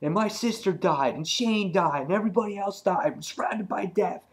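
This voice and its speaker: A man's voice: high voice, normal speed, voice pushed up, lightly acted. A man voicing a stern woman who lectures a grieving man to get over his loss, in a casual retelling. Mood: insistent. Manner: lecturing, insistent.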